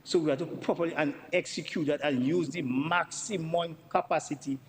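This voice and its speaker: A man's voice: a little high, steady tone, moderate pace. A man with a Dominican accent giving an emphatic parliamentary budget debate speech, repeating himself for emphasis and addressing the Speaker. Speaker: member of parliament. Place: parliament chamber. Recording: long chamber reverb with faint background noise.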